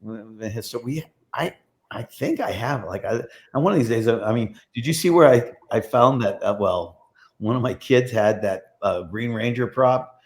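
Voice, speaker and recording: A man's voice: medium pitch, lively intonation, moderate pace. A middle-aged man, a prop master, rambling through casual stories in an interview and acting out the voices of people he quotes.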